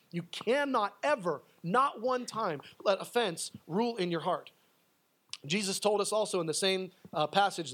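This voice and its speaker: A man preaching a sermon in a high voice. He swings between loud, pressing emphasis and hushed asides. He also acts out the people he quotes. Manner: acts out quoted speakers in a raised voice. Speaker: pastor.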